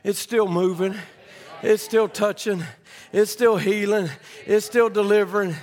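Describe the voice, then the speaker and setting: High-pitched fervent preacher, echoing hall. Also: male voice, steady tone, unhurried. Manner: builds to fervent shouting. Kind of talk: sermon.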